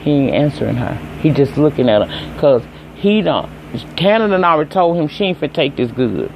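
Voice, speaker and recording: A man's voice: fairly high pitch, animated, fairly quick, vocal fry, muffled recording, a little hiss or hum. A man with a Southern accent casually recapping a TV episode, chatty and profane, talking straight to his viewers. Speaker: TV episode reviewer.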